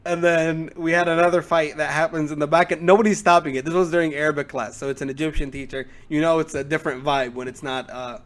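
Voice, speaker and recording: A man's voice: a little high, fairly even intonation, fast, few pauses, a bit bright. Rambling young man telling stories. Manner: rambling, many filler "like"s, acts out quotes. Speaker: podcast co-host. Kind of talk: casual storytelling.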